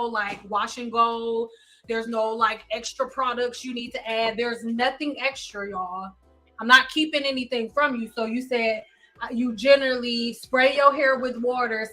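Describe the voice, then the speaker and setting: A woman's voice: on the high side, sharp tone. A woman hairstylist hosting a live stream, giving blunt, insistent advice and repeating pointed questions.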